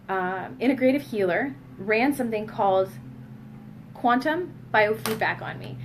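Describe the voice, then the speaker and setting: A woman's voice: medium pitch, a little hiss or hum. A woman in her thirties talking candidly in a casual personal vlog, emphatic and blunt, now and then swearing. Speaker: vlogger.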